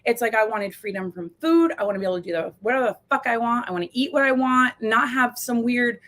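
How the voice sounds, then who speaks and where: A woman's voice: fairly high pitch, quick pace, a bit bright. A woman from the United States, a coach hosting her own live video series, talking candidly to viewers while close to tears and swearing freely. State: tearful, close to crying. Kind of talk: casual live-stream talk to viewers.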